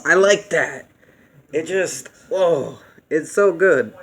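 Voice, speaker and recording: Speaking slowly in a voice on the high side, a young man gives an offhand movie review. He rambles, restarts and fills gaps often, lighting up when he talks about what he enjoyed.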